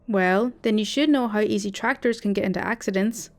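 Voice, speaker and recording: A woman's voice: mid-range voice, a little fast, close to an everyday voice. Woman putting on a sneering teen bully. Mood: mocking. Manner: mocking, sarcastic. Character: cruel sarcastic teenage bully boy.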